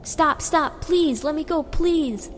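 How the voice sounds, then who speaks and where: A woman doing a frightened young boy, high and reverberant. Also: moderate pace, dark tone, a little hiss or hum, lightly acted. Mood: screaming. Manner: panicked, pleading screams. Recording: reverberant with background music.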